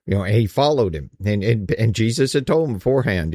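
A man's voice: fairly low pitch, animated, a little fast, mellow, dry recording, clean studio sound. Folksy man teaching Bible study. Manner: conversational, lots of "you know" and restarts, folksy slang.

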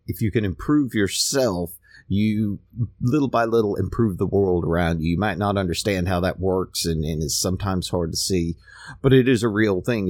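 A man's voice: deep voice, darkish tone, no echo, clean studio sound. A man hosting a podcast, talking in a casual, rambling monologue that is full of restarts and repeated words. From United States. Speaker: podcast host.

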